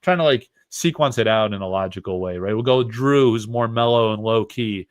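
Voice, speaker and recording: A man's voice: lowish voice, fairly quick. A man from upstate New York hosting a card-opening livestream, talking in a loose, rambling way full of fillers. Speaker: host of a card-opening stream. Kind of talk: casual livestream chat.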